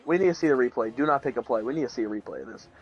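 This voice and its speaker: A young man casually commentating a football video game, rambling with restarts and sudden excited bursts. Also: medium pitch, racing, highs cut off. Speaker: play-by-play commentator.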